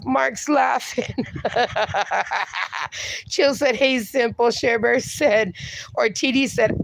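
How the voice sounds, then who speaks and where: A woman hosts a relaxed livestream outdoors, reading her viewers' comments aloud and laughing often between them. Her voice is strongly gravelly and fairly high, and she talks at an unhurried pace. The sound is close and dry. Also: no echo. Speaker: livestream host.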